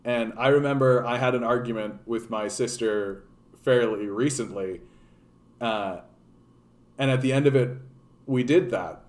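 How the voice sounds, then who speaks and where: A Canadian man hosts a laid-back political livestream, giving unscripted commentary full of rambling, restarts, and swearing. He speaks with a medium pitch, a little slowly.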